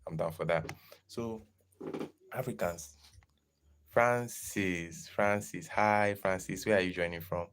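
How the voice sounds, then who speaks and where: A young man chatting casually on a live stream, lively and greeting viewers in the chat as he talks. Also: low-pitched, takes it slowly, long pauses, smooth. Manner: animated, greets chat viewers, slips into pidgin.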